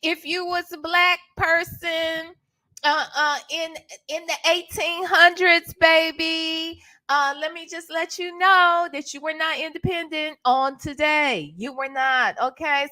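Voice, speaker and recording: High-voiced woman chatting slowly on a livestream. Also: sharp tone. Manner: chatty, drawn-out, emphatic asides. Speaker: livestream host. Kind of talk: casual live-stream chat, greeting viewers.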